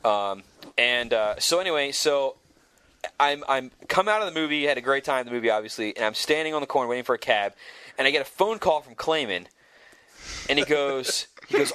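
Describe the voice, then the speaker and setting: A young man, a podcast host, telling a story in casual chat and getting animated as it goes. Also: mid-range voice, a little fast, no echo. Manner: animated, rising to shouts when retelling.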